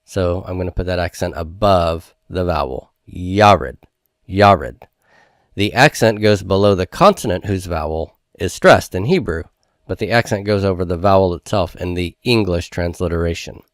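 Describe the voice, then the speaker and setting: A man's voice: low voice, moderate pace, no echo, studio quality. A male teacher going over homework, explaining each step in a methodical, patient way. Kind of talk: homework review lesson.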